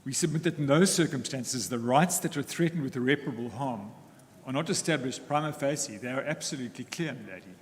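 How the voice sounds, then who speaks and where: A male advocate, presenting a legal argument in a measured, formal manner, pausing often between phrases. His mid-pitched voice carries a long echo from the courtroom, with faint ambient noise behind him. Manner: measured, deliberate, formal, with frequent pauses. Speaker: counsel for the applicants.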